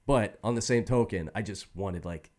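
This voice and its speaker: A man with a lowish voice tells a long story in casual conversation at a normal pace. He swears freely and laughs a lot, keeping the whole thing profane and animated.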